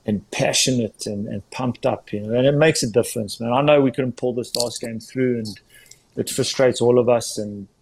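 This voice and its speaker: A man's voice: mid-range voice, a little mellow, low-quality recording. A man from South Africa, a rugby coach, chatting enthusiastically as a podcast guest and laughing often. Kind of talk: casual interview chat.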